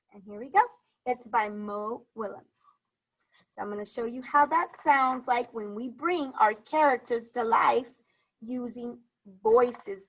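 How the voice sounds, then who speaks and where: A woman's voice: sits high, fairly bright tone. A woman teacher giving an online read-aloud lesson, speaking patiently and encouragingly, checking in with questions.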